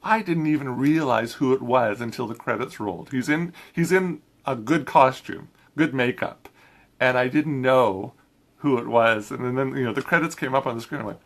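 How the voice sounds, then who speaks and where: A man's voice: mid-range voice, moderate pace. Chatty man reviewing a film. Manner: chatty, laughs often, many restarts. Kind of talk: casual review chat.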